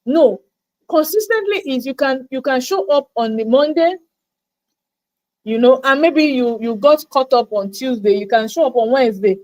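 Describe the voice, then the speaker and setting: A woman's voice: high voice, moderate pace, a little mellow, poor audio. A woman giving an emphatic motivational talk as a coach on a livestream, repeating words for stress. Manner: emphatic, repeats words, acts out quoted doubts. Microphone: livestream mic.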